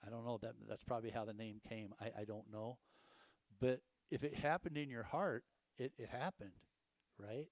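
Folksy older pastor with a drawl. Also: male voice, mid-range voice, fairly even intonation, moderate pace, no echo. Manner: folksy and conversational, with rhetorical questions. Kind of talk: casual sermon.

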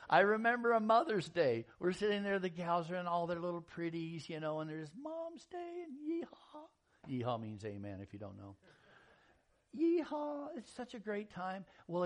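A man preaching a sermon in a folksy, animated storytelling style, acting out quotes and jokes. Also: a little high. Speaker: pastor.

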